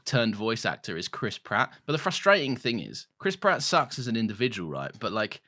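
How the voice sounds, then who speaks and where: Guy cohosting a movie podcast, very lively voice, jokey and sweary. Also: on the low side, moderate pace. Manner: animated, jokey, swears casually. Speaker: podcast co-host. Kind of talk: casual film-review chat.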